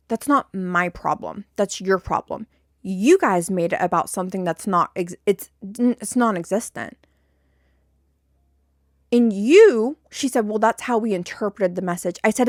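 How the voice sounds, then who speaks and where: Young female podcast host, exasperated rant, repeats points, jumps high when annoyed; mid pitch, dry booth. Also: dry recording. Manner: indignant, repeats herself, rising to exasperated peaks. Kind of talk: venting story time to listeners.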